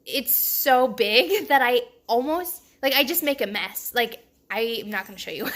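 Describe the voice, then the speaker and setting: A young woman chatting casually to camera in a personal vlog, excitable and quick to laugh, with lots of fillers. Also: fairly high pitch. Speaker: vlogger.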